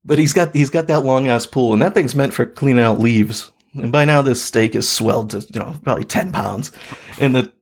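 A man's voice: medium pitch, a little fast. A man in his thirties, a podcast co-host, telling a story in a laid-back way, with lots of fillers and laughs. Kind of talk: casual storytelling chat.

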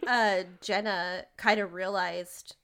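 A woman co-hosting a podcast, talking in a relaxed, chatty way about a TV show and often laughing along. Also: medium pitch, slow, a little hiss or hum. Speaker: podcast co-host. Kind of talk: casual TV recap chat.

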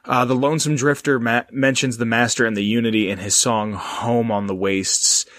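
A man's voice: medium pitch, fairly even intonation, normal speed, fairly bright tone. A man co-hosting a casual gaming lore podcast, rambling and swearing, with stumbling restarts. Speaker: podcast co-host.

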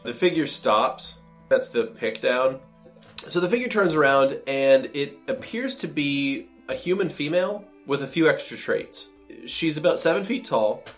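A man's voice: fairly high pitch, lively intonation, a little slow, faint music behind. A man running a tabletop game as game master, describing scenes in a loose, rambling way with lots of fillers.

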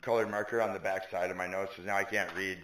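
A man's voice: sits low, steady tone, fast, fairly bright tone. A man co-hosting a podcast in casual chat, rambling and joking, often trailing off mid-thought. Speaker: podcast co-host.

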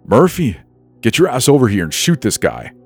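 A man voicing a wounded, harsh army captain who shouts orders. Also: medium pitch, huge pitch swings, normal speed, slightly rough, soft background music, pitched above the performer's own voice, exaggerated voice. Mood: barking orders. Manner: shouting commands.

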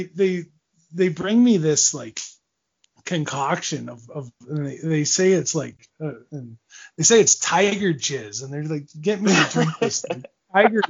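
A man's voice: fairly high pitch, muffled recording. A man in his forties, a former hockey player, telling long stories in a casual interview, rambling with fillers, restarts and laughs.

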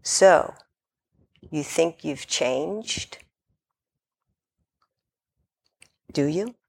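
A woman voicing a calm, contrary hookah-smoking caterpillar, short and quiet as she reads a story aloud in a dharma talk. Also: low voice, slow pace, gravelly, husky, dry recording, exaggerated voice. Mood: curt.

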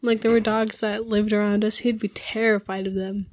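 A woman's voice: mid-range voice, little pitch movement, normal speed, a little mellow. A young woman in a casual group conversation, telling personal stories in a rambling way with many fillers. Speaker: group chat participant.

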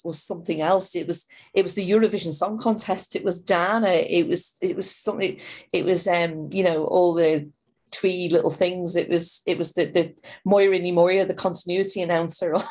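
Animated Irish woman telling stories. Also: lowish voice. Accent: Dublin Irish with a Liverpool tinge. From born in England, raised in Dublin. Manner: animated, acts out voices in her anecdotes, frequent restarts. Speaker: interview guest. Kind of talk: conversational storytelling.

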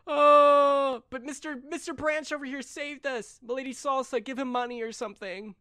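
A man voicing a frantic young boy at camp, shrill and high. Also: fairly even intonation, normal speed, sharp tone, no echo, studio quality. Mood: pleading.

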